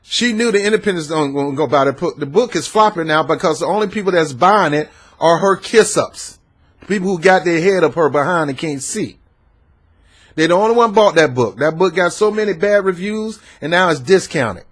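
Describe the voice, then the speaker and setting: A man's voice: fairly high pitch, expressive, brisk, a bit bright. A man from the American South, giving an emphatic, repetitive political rant and talking back at the people he discusses. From Southern United States. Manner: emphatic, repetitive, talks back at his subjects. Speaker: political commentator. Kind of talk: ranting political commentary.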